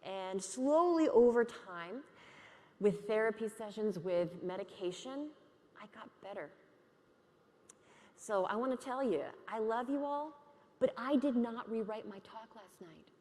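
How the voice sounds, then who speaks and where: A woman talks to a conference crowd in a candid, lively way, often laughing with them. Her voice sits a little high. The sound carries a long reverb from a large hall. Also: a little slow. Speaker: keynote speaker. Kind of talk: conference keynote talk.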